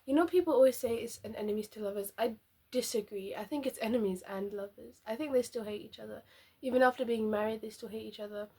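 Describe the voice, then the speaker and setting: Giggly young woman with a husky voice. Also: on the high side, fast talker, a little mellow. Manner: chatty, giggly, rambling asides. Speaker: book vlogger. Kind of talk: casual reaction chat.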